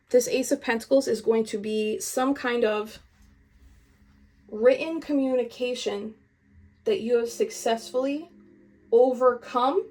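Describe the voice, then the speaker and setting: A woman's voice: fairly high pitch, a little mellow. A young woman doing a casual spiritual tarot reading, talking straight to the viewer in a chatty, meandering and emphatic way. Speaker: tarot reader.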